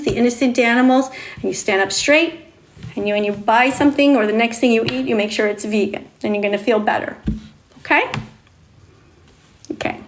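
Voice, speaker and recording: A woman on a livestream, reading to viewers and talking to them in a coddling, sing-song way, like a teacher with small children. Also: on the high side.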